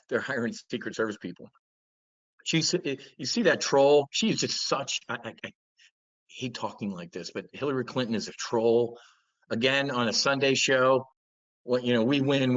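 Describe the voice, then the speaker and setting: A man's voice: medium pitch, no room sound, dull audio. Blunt, profane man ranting about markets. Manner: blunt, profane, animated rant with mocking impressions. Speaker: trading show host. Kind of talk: live market commentary.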